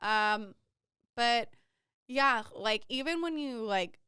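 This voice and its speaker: A woman's voice: a little high, animated, slow pace, pushed and bright, clear, resonant tone, no echo, clean studio sound. A young woman co-hosting a podcast, talking bluntly and swearing freely in casual chat. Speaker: podcast co-host.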